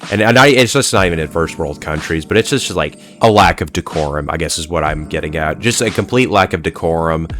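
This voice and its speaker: Low-voiced man ranting casually. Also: expressive, fairly quick, hardly any pauses, fairly bright tone, soft background music. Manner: rambling, profane, heavy use of "like" and "uh". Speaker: pop culture commentator. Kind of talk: ranting solo video commentary.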